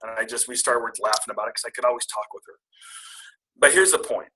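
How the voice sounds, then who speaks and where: A middle-aged man with a bright, forward tone tells a personal story in a candid, self-deprecating way. He builds it toward a motivational point, speaking at an even, medium pitch. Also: fast talker, a little hiss or hum, low-quality recording. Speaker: guest speaker. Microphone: call audio.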